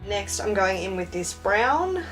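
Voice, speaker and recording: A woman's voice: medium pitch, big pitch swings, unhurried, faint music behind. A young woman chatting casually and self-mockingly through a makeup tutorial. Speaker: beauty vlogger.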